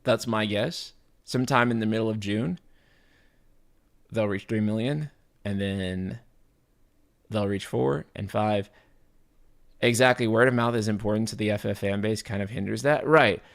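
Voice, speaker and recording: A man's voice: on the low side, unhurried, vocal fry, long pauses. A man live streaming, chatting casually with his viewers, rambling and often restarting his sentences. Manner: casual, swears, talks to chat.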